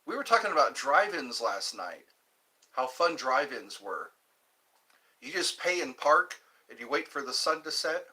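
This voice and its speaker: A man's voice: medium pitch, big pitch swings, unhurried, sharp tone. A middle-aged man from Georgia hosting a casual livestream, reminiscing in a rambling way and answering viewers in the chat. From Georgia, US Deep South. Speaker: livestream host.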